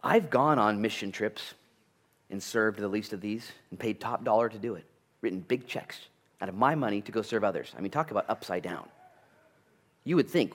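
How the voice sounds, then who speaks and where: A male pastor preaching a sermon in an animated, conversational way, with jokes, asides and sudden loud bursts. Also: fairly low pitch, moderate pace. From United States.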